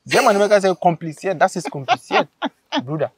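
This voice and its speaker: A man, casually telling a story on a vlog, animated and laughing as he acts out what people said. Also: sits high, brisk, a crowd in the background. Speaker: vlogger host.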